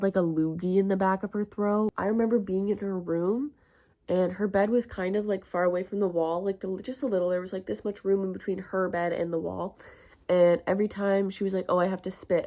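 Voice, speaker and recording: A woman's voice: medium pitch, darkish tone. A young woman telling stories in a casual, crude and self-mocking way, full of fillers. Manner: chatty, crude and self-mocking, heavy use of "like". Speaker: vlogger. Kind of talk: casual storytime.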